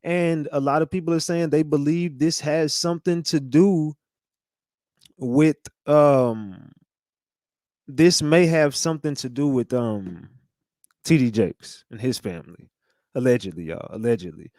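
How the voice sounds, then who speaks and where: A man's voice: fairly high pitch, a little slow, darkish tone, no echo, studio quality. A man hosting a casual livestream, talking straight to his chat in a slangy, conspiratorial way. He often repeats himself and restarts. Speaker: livestream host.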